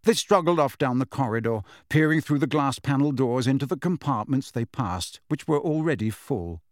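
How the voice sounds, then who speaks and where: This is an audiobook narrator, a man with a mid-range voice, giving a steady, measured reading of a novel. The scripted narration has a dry, clean studio sound.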